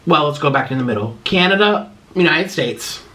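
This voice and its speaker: A man's voice: fairly high pitch, animated, normal speed, bright, forceful tone. A man vlogger eating on camera and rambling emotionally through fan questions in casual chat.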